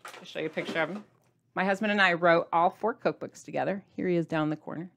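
A woman talking straight to her viewers in a casual vlog, chatty and playful, with sudden jumps in pitch for emphasis. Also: fast, vocal fry, fairly bright tone, slight background noise. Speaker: diet vlogger addressing viewers.

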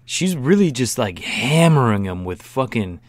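A man's voice: mid-range voice, very animated, unhurried, no echo. A man commenting casually on a video, joking, swearing and laughing often. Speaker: reaction video host.

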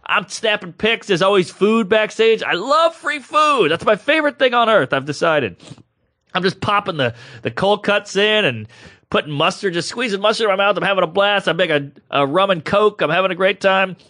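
Male podcast co-host; lively, swooping delivery, casual comic storyteller. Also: high-pitched, normal speed. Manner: animated, acts out quoted voices.

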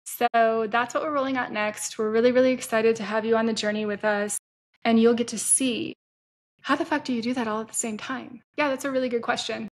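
A woman's voice: a little high, steady tone, brisk. A woman hosting her own podcast as an entrepreneur, talking candidly and casually and swearing freely. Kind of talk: solo podcast monologue.

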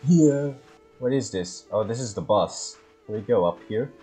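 A man's voice: on the low side, expressive, normal speed, loud music behind the voice. A man casually commenting while he plays a game, laughing often and breaking into panicky repeated cries when he is chased. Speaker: gaming video host. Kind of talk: casual let's-play commentary.

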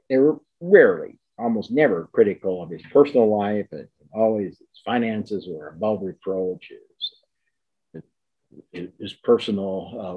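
An older man giving an academic lecture, emphatic, repeating key words and slowing down to stress them. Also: on the low side, slightly rough, phone-quality sound.

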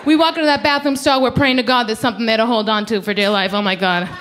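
A woman in her thirties tears through a stand-up set on a club stage. Her voice sits high and she talks in a brash, animated way, throwing herself into loud quoted voices. A faint hum of room ambience sits behind her. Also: quick pace. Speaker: stand-up comedian.

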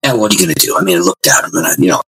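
A man tells a personal story with a lively, sweeping pitch and acts out each part of the dialogue. His voice is bright and a little husky. He speaks as an expressive interview guest. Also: racing, low-quality recording. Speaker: guest pastor.

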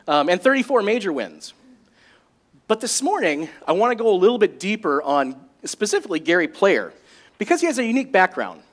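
A man preaching a sermon as a pastor, in a jokey and animated way. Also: high voice.

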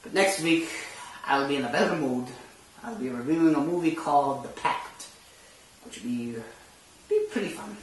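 A woman's voice: normal speed, close to an everyday voice. A woman playing a grumpy, theatrical centuries-old vampire count who hosts a horror review show, with an exasperated, sarcastic way of ranting. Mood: grumbling. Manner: exasperated, sarcastic, wildly swinging pitch. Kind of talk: comic in-character rant. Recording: very echoey room, distant mic, faint noise.

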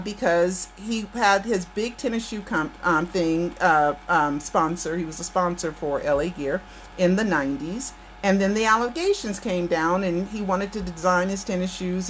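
A woman's voice: on the low side, fairly bright tone, a little hiss or hum. A woman from the United States hosting her channel, ranting emphatically to her viewers and repeating her points for force. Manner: emphatic, repeats phrases, addresses viewers directly. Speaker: channel host. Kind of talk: impassioned political rant to viewers.

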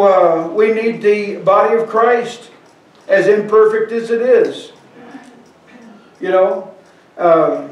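A man's voice: sits high, dull audio. A man preaching a sermon, reading scripture aloud and asking the congregation questions. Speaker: pastor. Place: church sanctuary. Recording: echoey church hall, from far off.

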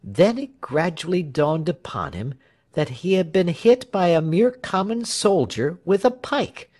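A man reading a storybook aloud as narrator. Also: sits high. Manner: slow, lively storytelling with shifting character voices. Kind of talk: storybook reading with acted voices.

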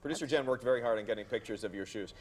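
A man anchoring a morning news show, reading viewer comments and steering the chat briskly in a studio. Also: medium pitch. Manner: brisk, moves things along.

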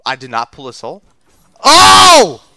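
A young man giving profane play-by-play while gaming, muttering low and then yelling and trash-talking his teammates. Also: very animated, moderate pace, dry recording. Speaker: gamer streaming his play. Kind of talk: profane gameplay commentary.

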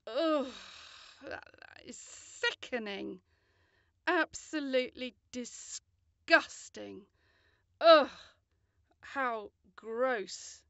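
A man voicing a panicky, shrieking person in a melodramatic wailing falsetto. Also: animated, slow pace, few pauses, pushed and bright, no echo, dull audio, exaggerated voice. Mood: disgusted.

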